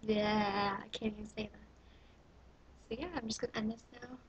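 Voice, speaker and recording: A woman's voice: medium pitch, steady tone, moderate pace, lo-fi sound, crowd noise. A young woman with a Canadian accent from Ontario, recorded in a small bathroom as she casually reads questionnaire prompts aloud and answers them in an offhand, dry way. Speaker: vlogger. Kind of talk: casual vlog reading a questionnaire.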